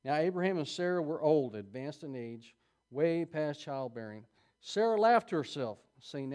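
A man's voice: a little high, expressive, moderate pace, a little mellow. A man preaching a sermon, reading scripture aloud and adding folksy, chuckling asides to his congregation.

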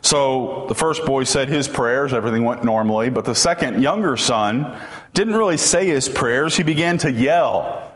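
A man's voice: medium pitch, lively intonation, normal speed. Man, pastor, sermon delivery, storytelling, emphatic, mid-range voice.

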